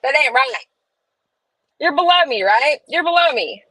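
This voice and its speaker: A woman's voice: high voice, lively intonation, a little slow, bright, forceful tone, low-quality recording. A woman, hosting a casual live stream from her home and chatting opinionatedly while reading comments aloud. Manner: chatty, reads chat aloud, opinionated asides. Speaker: livestream host. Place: home room.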